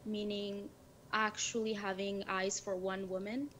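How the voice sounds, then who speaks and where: A woman in her twenties calling into a show, speaking hesitantly with frequent ums and throat clearing. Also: medium pitch, flat delivery, unhurried, a bit bright, slight background noise, rough recording. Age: 20s. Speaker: caller. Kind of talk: call-in conversation.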